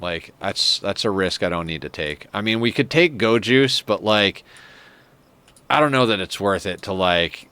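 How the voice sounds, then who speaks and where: A man's voice: lowish voice, lively intonation, moderate pace, sharp tone, clean tone. A man streaming a game live who rambles in casual, profane commentary, chuckling often as he talks into a desk microphone.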